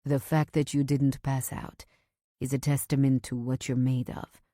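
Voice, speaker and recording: Brief: woman playing a controlling mafia husband, low and firm, dry close read. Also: flat delivery, normal speed, warm tone, no echo. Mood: commanding. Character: domineering mafia husband, calm, commanding man.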